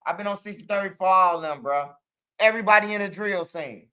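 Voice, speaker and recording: Man, Chicago accent, young adult, casual storytelling, profane, smooth clear voice, high-pitched. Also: fairly quick, bright, forceful tone. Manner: loose, profane street talk with repeated "bro" and "man". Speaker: interviewee.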